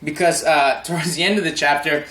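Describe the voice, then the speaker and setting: A young man chats loosely about a comic chapter, his voice sitting a little high. He rambles with lots of fillers and laughs. The room around him rings with echo. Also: fairly quick. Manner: excited and rambling, laughs often, many fillers and restarts. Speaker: manga review vlogger. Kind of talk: casual spoken review.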